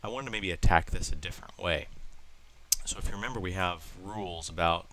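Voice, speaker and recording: Deep-voiced man, nasal from a cold. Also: brisk, sharp tone, a little hiss or hum, low-quality recording. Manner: plain step-by-step explaining with fillers. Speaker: math teacher. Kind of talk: recorded lesson working through problems.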